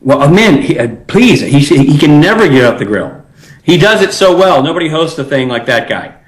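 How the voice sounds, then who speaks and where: A male actor from Nashville, Tennessee, appears as a guest in a casual interview, chatting in an easygoing way with lots of fillers. His voice is on the high side, very animated and brisk, and the recording quality is low.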